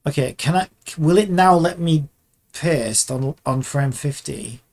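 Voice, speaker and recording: Slightly slow and darkish in tone, this mid-range voice belongs to a game developer narrating a casual vlog as he works. He mutters and swears in ongoing exasperation, frequently dropping sentences and starting over.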